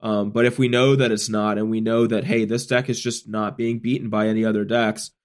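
A man's voice: on the low side, little pitch movement, a little fast. A man who is sick, co-hosting a casual gaming podcast and explaining his views at length with many restarts. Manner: thoughtful, long explanations with restarts. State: sick, rough voice. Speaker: podcast co-host, tournament player. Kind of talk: casual chat.

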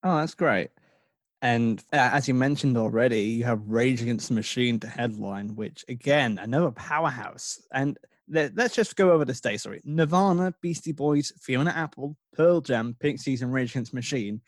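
A man's voice: mid-range voice, moderate pace, dry recording. A man in his thirties co-hosting a casual chat about music, talking in a hesitant, chatty way full of fillers. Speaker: podcast co-host.

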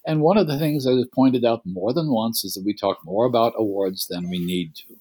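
A man co-hosting a casual podcast from his apartment, rambling gently with restarts and joking asides. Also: medium pitch, a little fast, husky. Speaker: podcast co-host. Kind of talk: casual chat. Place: apartment at home.

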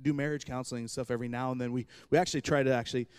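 Animated joking male pastor. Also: medium pitch, very fast, clean tone. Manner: animated storytelling with self-deprecating jokes. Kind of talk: humorous sermon.

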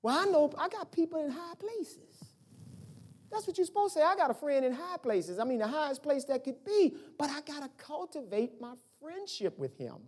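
A man's voice: very high voice, sing-song, moderate pace, a little mellow. A male pastor giving a conversational, folksy sermon, acting out little dialogues as he goes.

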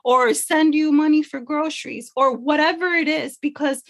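A woman's voice: high voice, normal speed. A woman empowerment coach in a casual podcast conversation, speaking earnestly and emotionally from her faith.

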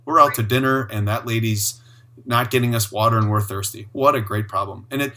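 A man's voice: on the low side, brisk, sharp tone. A man hosting a podcast, affirming his guest and telling stories with enthusiasm. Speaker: podcast host. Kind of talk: conversational interview.

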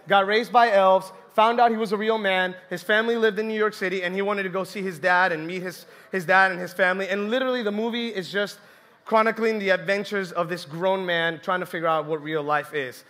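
A young man from Colombia speaks to a congregation, telling funny stories in an animated, chatty way and acting out quotes. His voice is high, bright and sharp. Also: a little fast. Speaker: church speaker. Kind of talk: humorous sermon storytelling.

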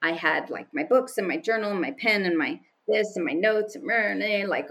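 A woman's voice: on the low side, a little fast, vocal fry, few pauses, fairly bright tone, slight background noise. A woman guest speaking candidly and with animation, telling personal stories in conversation and laughing often. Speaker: podcast guest.

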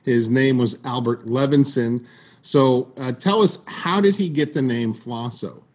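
A man hosting a podcast interview, asking friendly, halting questions. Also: medium pitch, husky. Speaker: podcast host.

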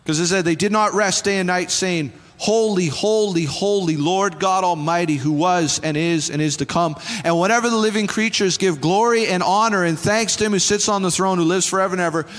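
A man's voice: sits high, brisk, hardly any pauses, a bit bright. A male pastor preaching a sermon, repeating phrases and building to fervent exhortation. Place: church sanctuary. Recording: church hall reverb with faint music.

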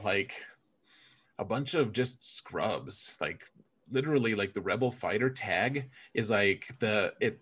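Lower-voiced man, animated podcast co-host. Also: slightly rough. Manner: animated and joking, stammering restarts. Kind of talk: casual gaming podcast chat.

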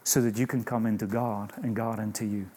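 A man's voice: on the low side, flat delivery, brisk, mellow. A man preaching a sermon in an emphatic way, asking rhetorical questions and adding humorous asides.

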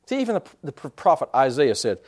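A man preaching a sermon as pastor, telling stories in an animated way, laughing at his own slips and drawing answers from the congregation with questions. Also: mid-range voice, a little fast. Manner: animated storytelling with laughs and repetitions; draws congregation responses with questions.

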